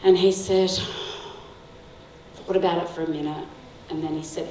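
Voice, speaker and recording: A woman's voice: fairly low pitch, steady tone, moderate pace, pauses often, noisy background. A middle-aged woman giving a talk to parents, telling stories with frequent laughs and "right?" to the audience. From Sri Lanka. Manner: warm storytelling, laughs often, asks the audience "right?". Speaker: guest speaker. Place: school hall. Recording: echoey hall, mic heard from a distance.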